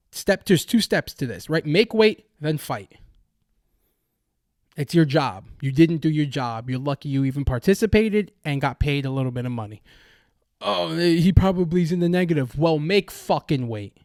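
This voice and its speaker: A man's voice: fairly high pitch, lively intonation, moderate pace, a little mellow, no echo, clean studio sound. Fired-up young man ranting on a podcast. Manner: angry ranting, profane, many restarts. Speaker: podcast host. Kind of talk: heated sports-betting commentary.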